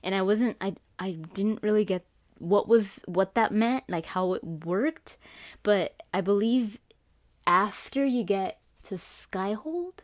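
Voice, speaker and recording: A woman gaming YouTuber giving casual, excitable trailer commentary, rambling with frequent restarts. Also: medium pitch, slow, dry recording, clean studio sound. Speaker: gaming YouTuber doing Let's Plays.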